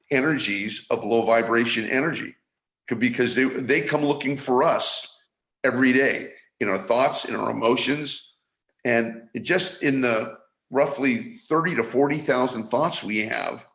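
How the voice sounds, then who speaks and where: A man mentoring listeners on energy awareness, speaking in a teaching manner and acting out anxious inner thoughts in a higher voice. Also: a little slow, fairly bright tone. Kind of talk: motivational teaching talk. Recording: roomy echo.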